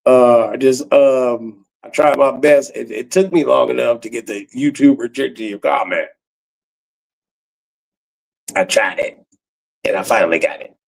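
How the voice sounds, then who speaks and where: A man in his forties doing a profane comedic rant on a livestream, breaking into cackles and swinging from loud outbursts to low mutters. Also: measured pace, vocal fry, pauses often, rough recording. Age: 40s.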